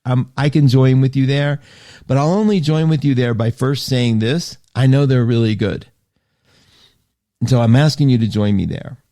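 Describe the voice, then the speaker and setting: A man hosts a live call-in style astrology hour, talking straight to his listeners. His delivery is chatty and animated, full of restarts and asides. His voice has a mellow, warm tone. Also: medium pitch, normal speed. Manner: chatty, animated, self-interrupting; reads listener comments aloud. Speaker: host. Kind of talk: live radio show monologue.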